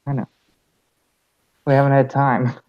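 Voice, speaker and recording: An excitable man playing a tabletop game, stammering and swearing as he jokes. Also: medium pitch, a little slow, dry recording, muffled recording. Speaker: player. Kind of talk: casual tabletop game chat.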